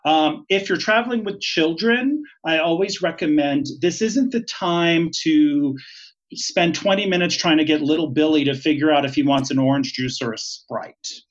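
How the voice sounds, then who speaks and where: A man's voice: a little high, moderate pace. A retired flight attendant, a man, giving travel tips as a podcast guest in a casual, emphatic, chatty way and laughing easily. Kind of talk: casual interview. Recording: dull lo-fi sound.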